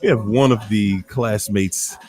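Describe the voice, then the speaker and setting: A man with a fairly low, slightly mellow voice hosts a casual livestream at an unhurried pace, soft music playing in the background. His accent is African American English from Washington, D.C., and he laughs often while playfully calling out viewers by name.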